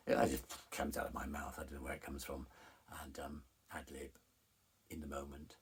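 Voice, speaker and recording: A man's voice: very deep voice, flat delivery, normal speed, breathy edge. A middle-aged man frankly telling a personal story, retelling scenes with animation.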